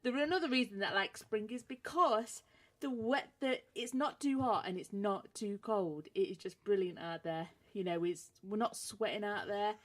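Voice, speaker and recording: A woman's voice: medium pitch, moderate pace. Cheeky British woman co-hosting. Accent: British English. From England. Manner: cheeky, teasing, laughs often. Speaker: radio show co-host. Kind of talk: playful banter on a podcast radio show.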